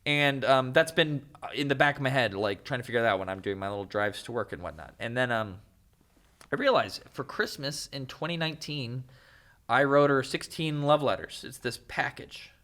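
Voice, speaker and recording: A young man, a filmmaker, chatting as a podcast guest, telling animated stories with laughs and acted-out voices. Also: medium pitch, normal speed. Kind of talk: casual interview chat.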